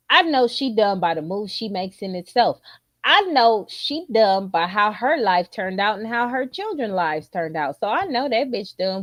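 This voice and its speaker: Woman commentator, AAVE, blunt and incredulous, slow drawl, dry close sound. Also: medium pitch, no echo. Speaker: commentary channel host. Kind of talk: casual reaction commentary.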